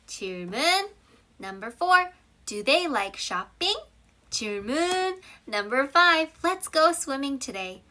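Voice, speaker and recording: Korean lady english teacher, high bright voice, acts out the example sentences. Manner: upbeat, reads example sentences with big expression. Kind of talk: bilingual grammar lesson.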